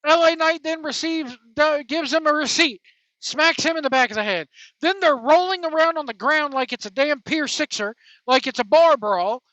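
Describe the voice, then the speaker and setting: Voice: sits high, moderate pace, pushed and bright, dry recording. A wrestling show host giving casual, informal commentary with slangy, emphatic phrasing. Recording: dull lo-fi, dry.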